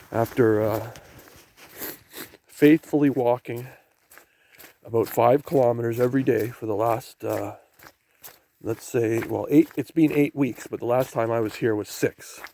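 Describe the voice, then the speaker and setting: A man's voice: medium pitch, lively intonation, measured pace, vocal fry, long pauses, a little mellow. A man talking casually to his camera as he walks a rainy forest trail down toward the ocean, rambling about what he sees. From Canada. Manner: rambling, talks to camera while hiking. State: walking downhill on a trail. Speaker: vlogger. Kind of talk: casual walking vlog. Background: faint outdoor noise, rain and waves.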